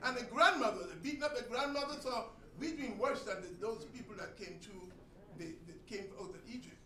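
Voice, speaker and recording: A man teaching a sermon to a congregation, emphatic and swinging between loud and soft delivery. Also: very high voice, animated, fairly quick. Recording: echoey room, distant mic, faint noise.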